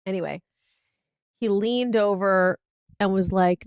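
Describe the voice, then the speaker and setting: A woman's voice: mid-range voice, normal speed, a little mellow, clean tone, dry recording, studio quality. A woman co-hosting a podcast, chatting casually and telling anecdotes in a wry, teasing way. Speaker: podcast co-host. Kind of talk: casual chat.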